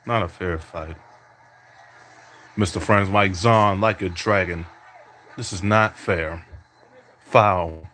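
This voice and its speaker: A man with a fairly low voice trash-talks his way through a basketball video game. He imitates an announcer's calls and taunts his opponent as he plays. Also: slow, long pauses, fairly bright tone, slight background noise. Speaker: podcast host playing a basketball video game. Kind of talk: trash-talking play-by-play over gameplay.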